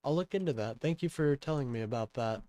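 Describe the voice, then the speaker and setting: A man's voice: mid-range voice, expressive, quick pace, mellow. Rambling young man chatting with his stream. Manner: rambling, talks to chat, many fillers. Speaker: livestream host. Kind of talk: casual political livestream chat.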